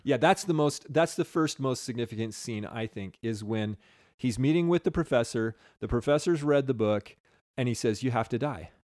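A man in a relaxed film chat who fills in names and details and quotes lines with a light chuckle. His voice is slightly low for a man, recorded close and dry. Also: normal speed, few pauses, no echo. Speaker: podcast co-host. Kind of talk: casual film discussion.

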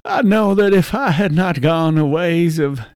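A man's voice: a little high, a little slow, vocal fry, darkish tone, smooth, no echo, clean studio sound, voice pushed up. A man putting on the voice of a remorseful condemned man who pleads in a raised, formal way. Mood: pleading.

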